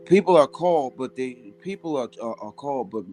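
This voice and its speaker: A man's voice: medium pitch, lively intonation, fairly quick, mellow. A man who is a guest on a livestream, chatting casually, speaking in a preachy, emphatic way and cursing freely. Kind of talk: casual chat.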